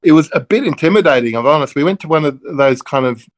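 A middle-aged man from Melbourne, a minister, telling stories in a relaxed conversational way that wanders off on tangents with self-deprecating jokes. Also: on the high side, fast talker. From Melbourne, Australia. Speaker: interview guest, Church of Christ minister.

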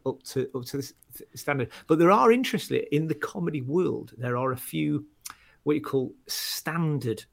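A man's voice: on the high side, animated, moderate pace, creaky, no room sound. A male stand-up comedian chatting casually, rambling with many restarts and fillers as he tells stories. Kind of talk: casual chat.

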